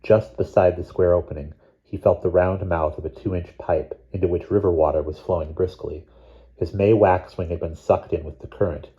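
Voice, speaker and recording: Deep-voiced man reading a novel. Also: dull audio. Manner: measured, steady reading. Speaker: audiobook reader. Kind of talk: scripted narration.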